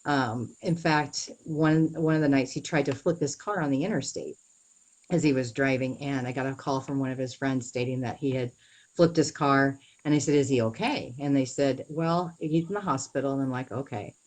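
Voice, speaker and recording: Low-voiced woman telling a painful story. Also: a little mellow, poor audio. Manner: earnest, halting storytelling with many "you know"s. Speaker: interviewee. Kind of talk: personal story in an interview.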